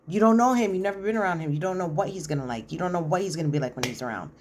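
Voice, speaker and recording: A woman with a somewhat low voice talks through a reality show episode in casual commentary. She is blunt and opinionated, and she acts out what the people on the show said. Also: very fast, a little mellow, a little hiss or hum.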